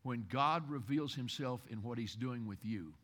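A male pastor from Kentucky preaching a sermon, swinging from loud exhortation to hushed, intimate passages and repeating phrases for emphasis. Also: medium pitch, normal speed.

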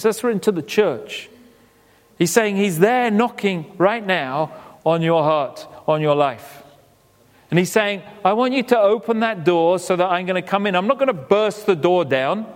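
Guy giving a chatty sermon, high voice, lots of hall echo. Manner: conversational, acts out quoted voices, drops low and quiet for emphasis. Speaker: preacher. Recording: long reverb of a hall.

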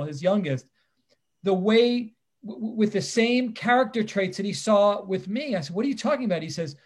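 A man in his fifties, a lawyer and guest, telling personal stories with animated, emphatic delivery and acted-out dialogue. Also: high-pitched, slightly rough. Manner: animated, emphatic storyteller who acts out the dialogue. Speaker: guest, criminal defense attorney. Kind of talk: personal storytelling in conversation.

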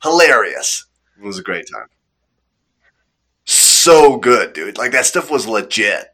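A man's voice: fairly low pitch, sing-song, slow, pushed and bright. A young man telling a rambling story in casual chat, laughing often and acting out the quotes.

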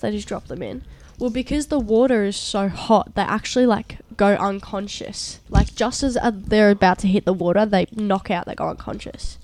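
A woman's voice: medium pitch, a little mellow. A young woman co-hosting a casual chat podcast, reading articles aloud with stumbles and giggles. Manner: reads aloud haltingly with stumbles, chatty and giggly. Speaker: co-host.

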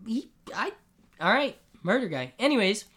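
A man chats casually on a podcast about a comic he has been reading. His voice is bright and clear, and he keeps the talk lively by acting out the characters' lines in quick little voices as he summarizes the story. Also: high-pitched. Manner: animated, does quick character voices while retelling. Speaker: podcast co-host. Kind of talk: casual comic book discussion.

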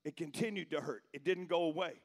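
A middle-aged man preaching a sermon as pastor, telling a story that builds into shouted preaching. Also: a little high, fairly quick.

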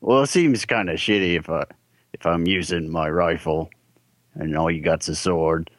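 A man's voice: deep voice, moderate pace, no room sound. A man speaking in character as a player in a tabletop game, laid-back and wry.

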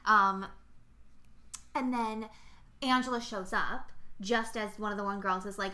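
A woman's voice: mid-range voice, steady tone, moderate pace, pauses often, sharp tone. A young woman co-hosting a podcast, casually and animatedly retelling film scenes with lots of fillers. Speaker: podcast co-host.

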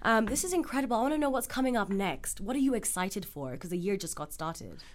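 A woman's voice: mid-range voice, expressive, quick pace. A woman hosting a radio interview in a studio, enthusiastic and upbeat. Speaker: radio host.

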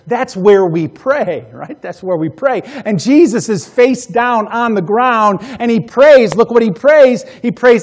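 A male pastor preaching a sermon, emphatic, repeating key phrases and swinging between loud passages and hushed ones. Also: high voice.

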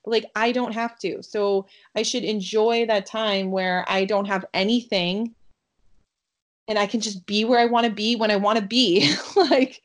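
A woman in her thirties talking casually as a co-host, animated and quick to get heated, filling her talk with "like". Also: medium pitch. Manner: animated, lots of "like", gets heated. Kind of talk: casual chat.

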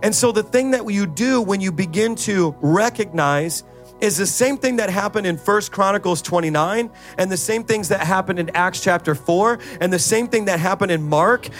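A man's voice: high voice, normal speed, soft background music. A middle-aged male pastor preaching a sermon, rising into fervent, sing-song prayer and exhorting the congregation with repeated calls.

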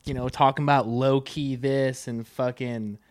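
A man's voice: mid-range voice, fairly even intonation, unhurried, no echo. A young college-student man in casual podcast chat, opinionated and ranting, with frequent swearing. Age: young adult.

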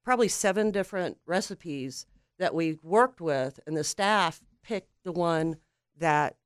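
A woman guest on a radio talk show, explaining her company's products in a friendly, steady, sales-like way. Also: on the low side, measured pace, clean tone, no room sound, studio quality. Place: radio studio.

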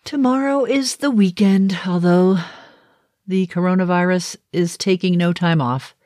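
A woman's voice: on the low side, unhurried, a little mellow, dry recording. Middle-aged lady with a slight boston accent, chatty daily vlog, laughs a lot, dry close mic. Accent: Boston, mostly softened. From Boston area, Massachusetts. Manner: chatty, frequent light laughs. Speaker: video diarist. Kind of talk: casual daily video diary.

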